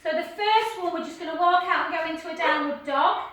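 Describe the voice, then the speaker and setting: A woman leading a live pilates class from home, cueing gently with counts and chatty asides. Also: very high voice, brisk, a little hiss or hum. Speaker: pilates instructor. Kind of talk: live online class instruction. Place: home room with dog nearby. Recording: echoey room heard from a distance.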